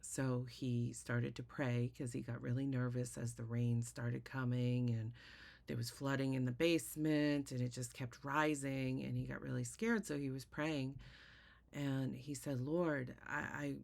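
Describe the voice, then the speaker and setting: Woman chatting through a faith story, low gravelly voice, lots of "right?". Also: level tone, measured pace, a little mellow. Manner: conversational, with frequent fillers and rhetorical "right?". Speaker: host. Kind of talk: casual spiritual storytelling.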